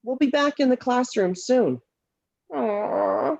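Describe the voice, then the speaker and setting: A woman's voice: sits high, lively intonation, takes it slowly, creaky, darkish tone, dull audio, heavily acted. A woman voicing a cheerful, patient teacher puppet who coaxes and encourages a friend, in a puppet show over a video call. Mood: encouraging. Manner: encouraging, upbeat, coaxing.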